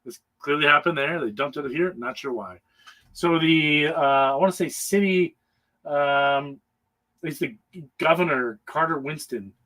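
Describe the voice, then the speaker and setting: A man's voice: a little high, a little slow, pushed and bright, rough recording. Rambling man recapping a comic. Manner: rambling, full of hesitations, chuckles often. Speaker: comic book panelist. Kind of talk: casual comic book recap.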